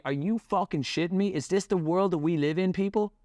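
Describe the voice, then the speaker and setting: A man's voice: high voice, fairly quick, few pauses, darkish tone, no echo, studio quality. A man running a business, delivering an angry, profane rant to camera. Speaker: business owner and vlogger.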